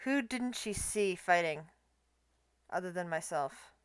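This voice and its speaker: A woman voicing a deadpan, guarded male warrior in her own plain voice. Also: lowish voice, slow pace, smooth, dry recording. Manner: flat and plain.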